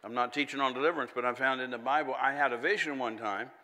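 A man's voice: medium pitch, steady tone, fast talker, bright, forceful tone, big-room sound. A man preaching a sermon in a folksy, conversational way, with chatty asides and little laughs.

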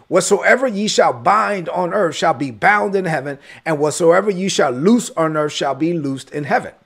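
Male pastor, high gravelly husky voice, emphatic sermon teaching. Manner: emphatic, repeats words, builds to shouted peaks.

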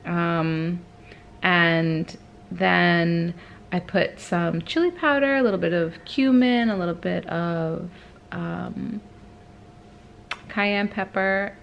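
A woman in her thirties talking casually to camera in her home kitchen, relaxed and chatty with frequent ums. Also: lowish voice, gravelly, lo-fi sound, a little hiss or hum. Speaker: vlogger mother. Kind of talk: casual family vlog chat.

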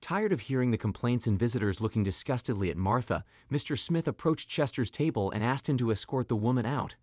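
A man's voice: mid-range voice, animated, a little fast, few pauses, a little mellow, no room sound, clean studio sound. A man reading a scripted story as narrator.

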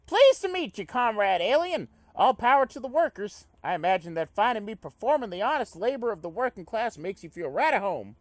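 A man's voice: high-pitched, big pitch swings, a little fast, hardly any pauses, dry recording, pitched above the performer's own voice. A man voicing a cheery, earnest communist male alien troll from a game, speechifying in a raised voice.

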